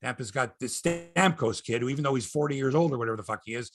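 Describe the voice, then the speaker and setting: A man's voice: mid-range voice, quick pace, no echo, clean studio sound. A man from Canada hosting a casual sports chat, profane and ranting, often repeating himself. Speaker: sports show host.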